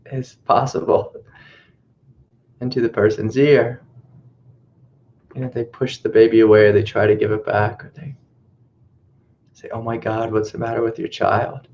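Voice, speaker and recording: In a very flat, even-pitched voice, a man who teaches spirituality tells a story reflectively, circling back over his own wording. The recording sounds muffled and lo-fi, like an old webcast.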